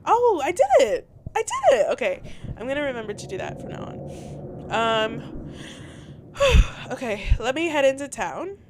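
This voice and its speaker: A young woman casually commenting and reading game text aloud, giggly and animated. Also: high-pitched, a little slow, long pauses, noisy background. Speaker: gaming channel host. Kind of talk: let's play commentary.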